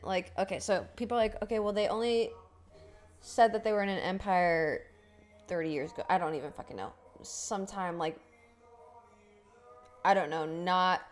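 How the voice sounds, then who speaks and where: A young woman streamer chatting casually on a live stream, rambling, swearing and laughing often. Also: medium pitch. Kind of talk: casual livestream chat.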